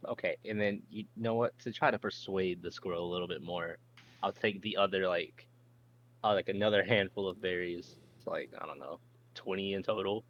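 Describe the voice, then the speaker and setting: Deep-voiced man on a dull, humming mic. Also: steady tone, moderate pace, fairly bright tone, slight background noise. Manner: eager, rambling with fillers. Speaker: player. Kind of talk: tabletop role-play.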